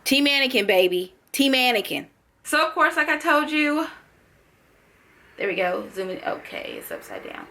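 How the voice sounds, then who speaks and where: A young woman talking casually and playfully to camera in a fan-theory vlog, full of animated asides. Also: high-pitched, moderate pace. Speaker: vlogger.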